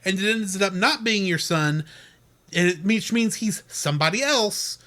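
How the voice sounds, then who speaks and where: A man co-hosting a film review podcast with a bright, clear tone and a slightly raised pitch. He talks in an eager, casual way, often cutting in when excited about his point. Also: moderate pace. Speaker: podcast co-host. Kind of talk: casual movie review chat.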